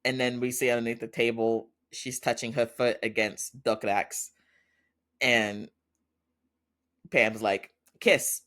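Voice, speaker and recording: A man's voice: medium pitch, flat delivery, unhurried, pauses often, a bit bright. Male podcast host, casual recap chat, giggly and loose, mid-range voice. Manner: chatty, laughs often, loose storytelling with fillers.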